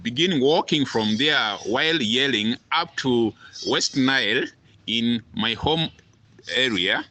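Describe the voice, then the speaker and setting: A man from Uganda tells his story as a radio guest, in a bright, forceful voice. He talks earnestly and repeats points for emphasis. A faint hiss of noise sits under him. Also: mid-range voice, slow pace. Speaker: guest activist.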